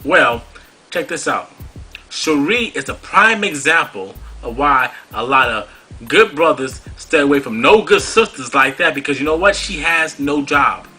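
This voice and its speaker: A man's voice: on the high side, animated, unhurried, pushed and bright, slightly rough, faint music behind, poor audio. A man hosting a talk show, delivering a preachy, scolding monologue full of rhetorical questions. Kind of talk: monologue commentary.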